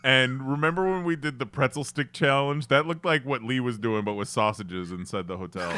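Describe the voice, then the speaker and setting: A man's voice: mid-range voice, fairly quick, hardly any pauses, bright, forceful tone, slight background noise. A man co-hosting a podcast in casual chat, laughing and playfully mimicking the people in the story. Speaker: podcast co-host.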